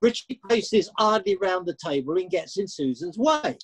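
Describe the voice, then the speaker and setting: A man's voice: sits high, lively intonation, normal speed, breathy edge, poor audio. A man giving scripted narration for an audio comedy drama in a plain, matter-of-fact way.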